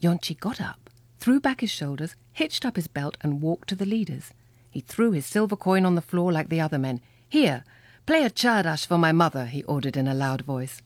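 A woman reading a children's storybook aloud with lively, expressive storytelling. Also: deep voice, moderate pace, no room sound. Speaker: reader. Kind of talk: storybook read-aloud narration.

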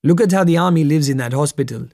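A man's voice: a little high, quick pace, dark tone, dry recording, clean studio sound. A man voicing a bitter, volatile middle-aged taxi driver who speaks mournfully before erupting in anger.

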